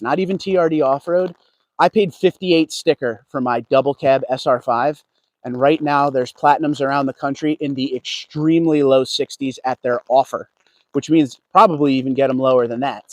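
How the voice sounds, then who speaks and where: A man's voice: mid-range voice, no room sound. Chatty man greeting viewers by name. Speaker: car vlogger. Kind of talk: casual livestream walkaround. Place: outdoors at a car dealership lot.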